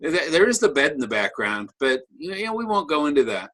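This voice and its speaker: Bright-voiced man presenting online. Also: a little high, sing-song, brisk. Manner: conversational, joking, restarts phrases. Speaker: workshop presenter. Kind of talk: online teaching talk.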